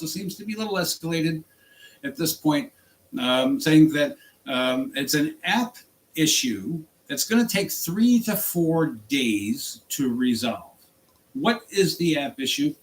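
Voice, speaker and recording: An angry man from the United States ranting in a vlog about his work as a rideshare driver, exasperated and jumping in pitch. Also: expressive, a little slow, poor audio. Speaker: rideshare driver and channel host.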